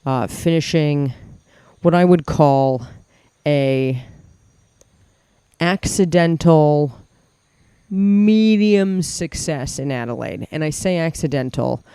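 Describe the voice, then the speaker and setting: Guy rambling wryly on a podcast, warm smooth voice, dry sound. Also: fairly high pitch, slow pace, no echo. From Ireland. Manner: rambling, filler-heavy, wry. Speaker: podcast co-host, comedian. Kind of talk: casual chat.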